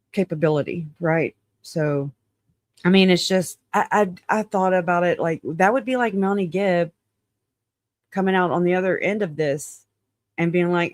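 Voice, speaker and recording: A man's voice: sits high, dry recording, clean studio sound. A man hosting his channel in casual livestream chat, frank and rambling, often laughing and hedging claims as alleged. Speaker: channel host.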